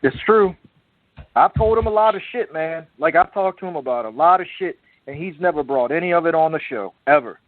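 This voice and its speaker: A man's voice: a little high, animated, fairly quick, no room sound. A man co-hosting a casual online talk show, rambling, profane and earnest as he talks about a friend. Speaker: podcast co-host. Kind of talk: casual chat. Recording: tinny phone-line audio.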